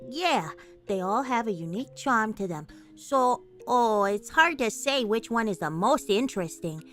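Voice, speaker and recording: A woman reading the lines of a calm, gently teasing middle-aged mother from a game, measured and composed. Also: on the high side, faint music behind, voice pushed down. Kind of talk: reading a game's lines aloud.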